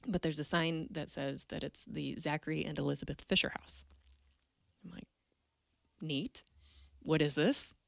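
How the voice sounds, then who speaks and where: A woman with a notably low voice, speaking as a podcast guest into a close mic. She tells her story earnestly and candidly, often restarting her sentences. The sound is dry and close, with no room behind it. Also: fairly even intonation, normal speed, creaky, dry recording. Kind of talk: personal storytelling in conversation.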